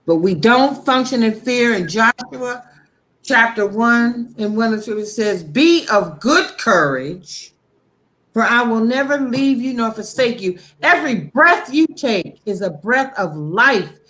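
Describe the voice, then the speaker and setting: A woman's slightly high, expressive, somewhat bright voice delivers a heartfelt, preachy talk about faith on a talk show. She's impassioned and swears frankly, keeping her delivery slow and deliberate.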